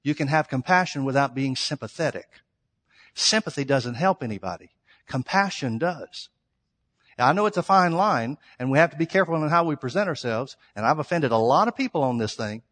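A male pastor preaches in a sing-song, fairly quick manner, his mid-range voice fairly bright. His sermon is emphatic and story-filled, acting out quoted exchanges, recorded in a church sanctuary with long hall reverb.

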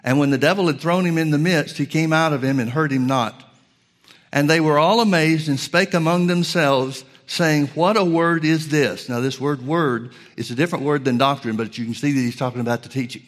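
A male preacher teaching from scripture, reading verses slowly with stress on key words and calling his listeners folks. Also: fairly high pitch. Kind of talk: Bible teaching sermon.

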